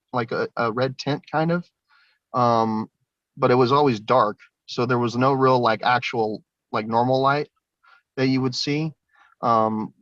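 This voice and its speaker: Young man guest, loose rambling storyteller, mid-pitched, dry muffled line. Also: fairly bright tone, dry recording. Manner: rambling, many fillers and restarts. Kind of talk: recounting personal experiences.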